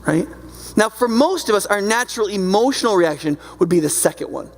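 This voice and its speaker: In a church sanctuary with long hall reverb, a male pastor with a high voice preaches in an animated, brisk way. His sermon is loose and conversational, and he often checks in with his listeners.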